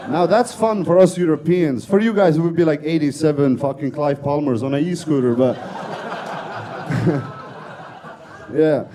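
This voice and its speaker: A man from Estonia with an Estonian accent doing an open-mic stand-up set, deadpan and sweary, laughing at his own jokes. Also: a little high, unhurried, long pauses. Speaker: stand-up comedian. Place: comedy club stage with audience.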